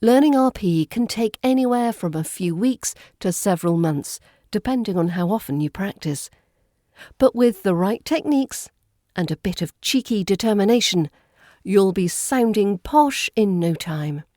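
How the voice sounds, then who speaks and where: Mellow-voiced British RP woman coach. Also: mid-range voice, animated, normal speed, no echo, studio quality. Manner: upbeat, playful teaching tone. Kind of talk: scripted podcast lesson.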